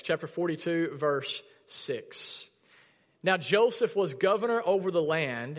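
In a church sanctuary, a male pastor with a slightly high voice preaches a sermon, reading scripture aloud and putting questions to the congregation in a conversational way. A long reverb tail follows his words.

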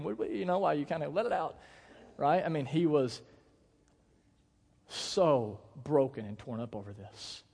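Higher-voiced pastor in a reverberant church. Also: male voice, lively intonation, moderate pace, gravelly, long pauses, a little mellow, slight background noise. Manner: casual, conversational preaching with many fillers. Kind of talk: sermon. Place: church auditorium.

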